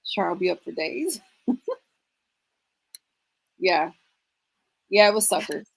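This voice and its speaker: A woman's voice: on the low side, expressive, takes it slowly, creaky, breathy edge, poor audio. Chatty laughing woman hosting a livestream. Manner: chatty, laughs often, greets viewers by name. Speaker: livestream co-host. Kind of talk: casual livestream chat.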